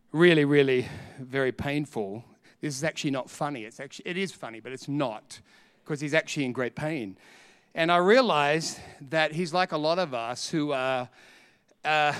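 A man preaching a sermon, telling a story with animated acted-out voices and frequent laughter. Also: a little high, clean tone. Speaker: pastor.

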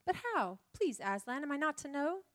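A woman's voice: sits high, very animated, normal speed, voice pushed up. A woman voicing an anxious, earnest little girl while reading a storybook aloud, in a pleading way.

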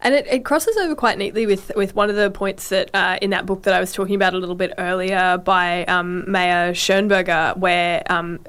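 A woman's voice: on the low side, steady tone, normal speed, few pauses, a bit bright, smooth. A woman co-hosting a casual discussion, talking thoughtfully with hedges, restarts and many fillers. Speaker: podcast co-host.

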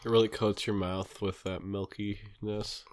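A man's voice: fairly low pitch, flat delivery, unhurried. A man co-hosting a podcast, chatting casually in playful, rambling banter. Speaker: podcast co-host. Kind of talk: casual chat.

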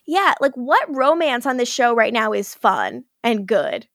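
Chatty woman recapping an episode, higher voice. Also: unhurried, dry recording, clean studio sound. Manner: animated retelling, acting out characters' lines, laughing often. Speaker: podcast co-host. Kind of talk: casual recap chat.

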